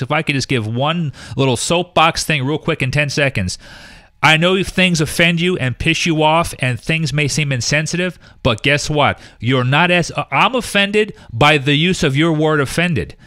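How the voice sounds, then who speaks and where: A man holds forth as a guest in a casual talk show. His voice sits a bit high and comes out bright and forceful, with a dry, close sound. He rants emphatically and throws himself into quoted voices. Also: moderate pace, dry recording. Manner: emphatic, ranting, acts out quotes. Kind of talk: casual podcast chat.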